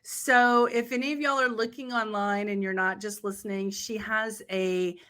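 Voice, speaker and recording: A woman's voice: mid-range voice, fairly even intonation, moderate pace, bright, forceful tone, clear, resonant tone. A woman hosting a travel podcast interview, upbeat and chatty, laughing easily. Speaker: podcast host.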